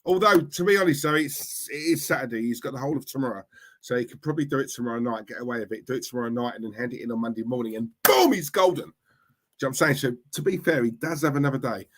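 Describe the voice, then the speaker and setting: A man's voice: medium pitch, fast talker. A man chatting live with his viewers, teasing and talking straight to the chat. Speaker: livestream host. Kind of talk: casual live-stream chat.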